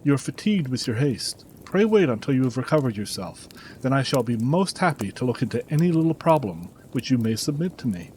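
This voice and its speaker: Calm gentleman detective, soothing and courteous, lively intonation, read by a male narrator. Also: medium pitch, fairly quick, slight background noise, lightly acted, rough recording. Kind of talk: audiobook character reading.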